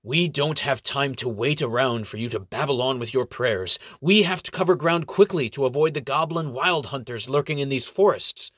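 A man's voice: medium pitch, normal speed, few pauses, fairly bright tone, no echo, voice pushed up, close to an everyday voice. A tall, arrogant ranger who has no patience for anyone, as a man puts him on. His lines come out clipped and dismissive, in a dry, close voice with no room sound. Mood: brusque. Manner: brusque, dismissive. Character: tall muscular male ranger, arrogant and impatient.

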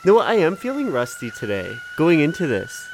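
A man's voice: a little high, huge pitch swings, moderate pace, background noise. A young man co-hosting a casual podcast chat, laughing often and swearing casually. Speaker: podcast co-host.

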